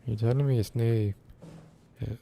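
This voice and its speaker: A man's voice: medium pitch, steady tone, moderate pace, vocal fry, dark tone, slight background noise, lightly acted. Man putting on a cocky Scotsman. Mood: mock-defiant. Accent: put-on Scottish. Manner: playful, mock-defensive. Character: boastful exaggerated Scotsman.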